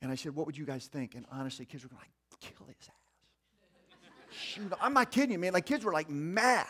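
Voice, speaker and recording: A man preaching a sermon in a conversational, folksy way, swinging between hushed passages and loud, animated ones. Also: mid-range voice. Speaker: pastor.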